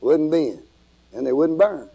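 A man preaching a fiery revival sermon to a congregation, shouting and calling for responses. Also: fairly high pitch, expressive, a little slow, vocal fry, slightly rough, low-quality recording. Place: church with congregation.

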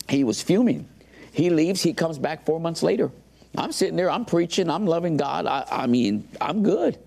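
A man's voice: on the high side, animated, normal speed, creaky, warm tone. A man earnestly telling his faith testimony in an interview, emotional as he recounts it.

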